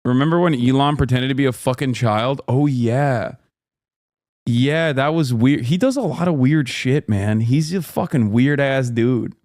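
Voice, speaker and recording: A man's voice: medium pitch, a little slow, darkish tone, dry recording. Man, streamer, casual reaction chat, swears a lot, dry sound. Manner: blunt, swears freely, talks to chat.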